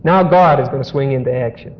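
A man's voice: medium pitch, fast talker. A man preaching a sermon, reading scripture aloud and breaking in with emphatic asides, his voice rising sharply on key points. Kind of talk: sermon, expository Bible teaching. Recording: dull lo-fi audio in a large echoing hall.

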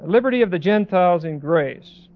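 A man preaching a Bible sermon in a conversational way, with many pauses and restarts, as a pastor. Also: sits high, expressive, phone-quality sound.

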